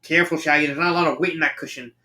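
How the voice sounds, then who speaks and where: A man's voice: fairly high pitch, steady tone, very fast, sharp tone. A man voicing a brainy young woman from a cartoon in a dry, matter-of-fact manner, in a fan fiction reading.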